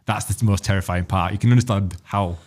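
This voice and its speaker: A man's voice: sits low, fairly even intonation, fairly quick, a little mellow. A man co-hosting a casual podcast, teasing and laughing easily. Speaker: podcast co-host.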